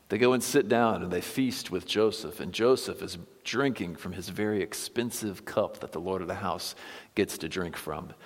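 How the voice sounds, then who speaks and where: A man preaching a sermon, retelling a Bible story in a casual, storytelling way with lively asides. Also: on the low side, in a large hall. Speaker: pastor. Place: church sanctuary.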